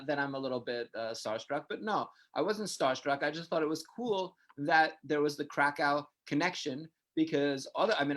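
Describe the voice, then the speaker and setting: A man from New York hosting a live Q&A, telling stories in a chatty, animated way. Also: on the high side. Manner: chatty, animated anecdote-teller. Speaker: host, community center director. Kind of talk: live Q&A casual storytelling.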